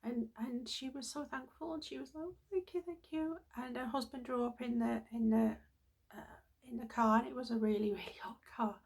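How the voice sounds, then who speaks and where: A woman's voice: a little high, steady tone, fairly quick, vocal fry, a little mellow, husky. A middle-aged woman vlogging, telling a personal story in an earnest, heartfelt, rambling way.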